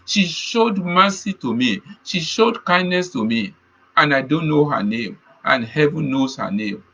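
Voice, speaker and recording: A man's voice: on the high side, expressive, unhurried, fairly bright tone, slightly rough, rough recording. A man preaching a sermon, telling a personal testimony in an earnest way and repeating key phrases. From Nigeria.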